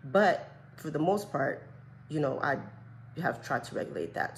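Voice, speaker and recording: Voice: medium pitch, animated, unhurried, pauses often, rough recording. Young adult vlogger, candid chatty storyteller, mid voice, faint background hiss. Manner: chatty, frank, many fillers and self-quotes. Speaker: vlogger sharing a health journey.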